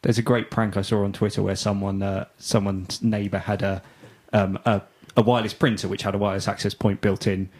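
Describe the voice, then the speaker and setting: A man's voice: on the low side, flat delivery, a little mellow. A man on a tech podcast panel, firing off probing questions one after another. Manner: probing, rapid-fire questions. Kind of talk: casual tech discussion.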